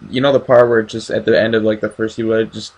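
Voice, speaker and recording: A man's voice: on the low side, little pitch movement, quick pace, darkish tone. Enthusiastic man hosting a movie review. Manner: enthusiastic, asks questions. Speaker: host of a horror review channel. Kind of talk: casual review chat.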